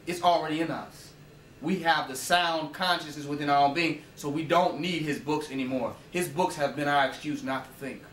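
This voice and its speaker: A man's voice: a little high, a bit bright, recorded from a distance, slight background noise. Emphatic man lecturing in an echoey room. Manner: emphatic and profane, with rhetorical questions. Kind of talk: informal lecture. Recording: roomy echo, voice away from the mic.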